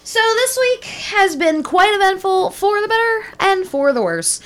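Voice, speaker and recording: A woman's voice: very high-pitched, very animated, unhurried. A young woman hosting a casual podcast chat, giggly and rambling, sometimes losing her words. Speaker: podcast host.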